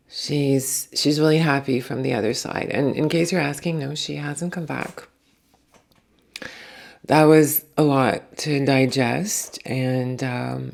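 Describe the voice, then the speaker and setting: A woman's voice: rumbling low, creaky, darkish tone. A woman working as a psychic medium, relaying spirit messages in a hesitant, casual way. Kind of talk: casual spiritual channeling talk.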